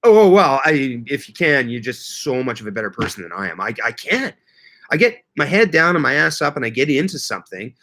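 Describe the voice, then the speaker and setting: A man's voice: mid-range voice, sing-song, brisk, fairly bright tone. A man hosting a casual gardening livestream, rambling and joking as he reads viewer comments aloud. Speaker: livestream host. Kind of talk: casual live chat with viewers.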